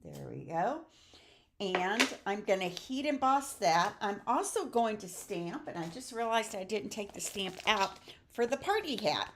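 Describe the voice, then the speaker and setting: A woman's voice: medium pitch, lively intonation, a little slow, background noise. A woman chatting through a live card-making demonstration, often checking in with "okay?" and filler "um"s. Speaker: stamping demonstrator. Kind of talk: live crafting demo.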